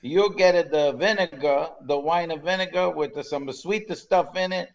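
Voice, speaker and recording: A man's voice: a little high, normal speed, muffled recording, voice pushed up, lightly acted. A man putting on an Italian accent to voice a proud, blunt restaurant owner. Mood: scornful. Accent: put-on Italian.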